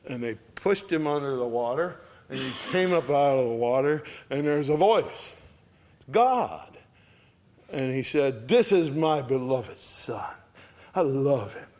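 Preacher: man, slow unhurried delivery, earnest vivid storytelling sermon. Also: mid-range voice, darkish tone. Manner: earnest, vivid retelling with rhetorical questions. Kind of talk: Bible teaching sermon.

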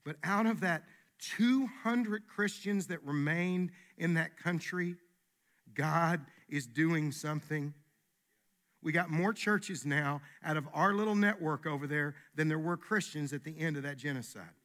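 A man's voice: on the high side, measured pace, a bit bright. A man preaching a sermon as pastor, emphatic and folksy, repeating his key phrases.

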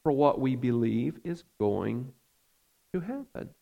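Male pastor, sermon, mid-pitched gravelly voice, earnest and unhurried. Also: lively intonation, muffled recording. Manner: earnest, measured preaching with frequent fillers.

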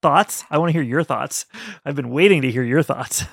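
A man's voice: on the high side, normal speed, creaky, fairly bright tone, no room sound, studio quality. A man co-hosting a podcast, chatting animatedly and rambling about a book, laughing often. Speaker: podcast co-host. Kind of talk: casual book-review chat.

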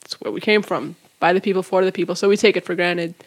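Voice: medium pitch, steady tone, quick pace. A chatty podcast interviewer asking open questions in a casual conversation.

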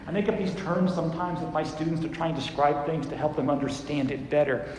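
A man's voice: high-pitched, a little mellow. A man preaching a sermon in a conversational way, acting out quoted lines in different tones. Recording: echoey hall with faint background noise.

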